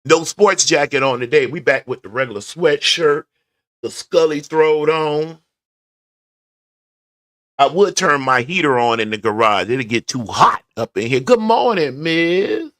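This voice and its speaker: An unhurried male vlogger chats to his audience in a garage, drifting through thoughts while commuting to work. His voice sits at medium pitch and is a bit bright. The recording is studio quality without echo.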